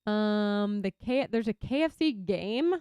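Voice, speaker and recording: Chatty Texan woman streamer, lively pitch. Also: slow, smooth, no room sound. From Texas. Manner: chatty, reacts loudly to chat. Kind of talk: casual chat while gaming.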